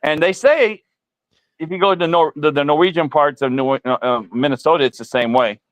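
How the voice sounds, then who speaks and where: Middle-aged male host, a bit high-pitched, anecdotal chat style, dry close mic. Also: fairly quick, no room sound. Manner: storytelling, chuckles at own jokes. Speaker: stream host. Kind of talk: casual chat.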